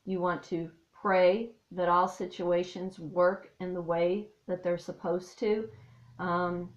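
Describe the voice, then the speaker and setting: A woman's voice: lowish voice, little pitch movement, takes it slowly, echoey room, dull audio. A woman from Missouri, an artist and life coach, talking in a heartfelt, rambling way with many fillers, choked up at times. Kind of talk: personal vlog monologue. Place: her home.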